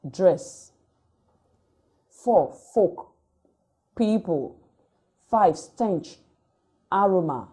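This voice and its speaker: Slow, mellow-voiced woman lecturer. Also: fairly low pitch. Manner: reads word lists item by item in a measured, dictating way. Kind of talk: recorded distance-learning lecture.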